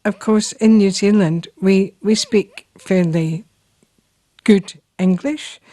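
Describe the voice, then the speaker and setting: A woman with a Scottish accent hosting a local show, telling stories and reading aloud in an unhurried way with frequent ums. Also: mid-range voice, dark tone, no room sound. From Scotland. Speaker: host. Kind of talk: casual storytelling and reading aloud.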